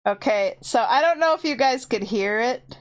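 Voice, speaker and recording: A woman streamer from her home computer setup, casually and excitedly telling ghost stories to her chat in a rambling way. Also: fairly high pitch, normal speed, slight background noise. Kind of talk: casual storytelling to a live chat. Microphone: desk mic with headphones on.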